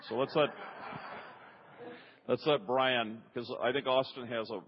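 A man's voice: mid-range voice, fairly even intonation, a little slow. A man leading a prayer meeting, encouraging the group and organizing the next speakers with casual hesitations. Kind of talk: preaching and hosting a prayer meeting. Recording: dull recording in a reverberant hall.

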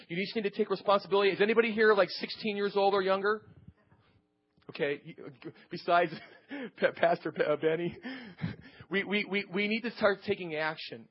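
A man's voice: sits high, slightly rough. A man, middle-aged, preaching an informal sermon and telling a personal testimony, rambling and restarting his sentences. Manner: rambling, repeats words and restarts, storytelling. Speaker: lay preacher. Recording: dull lo-fi church audio.

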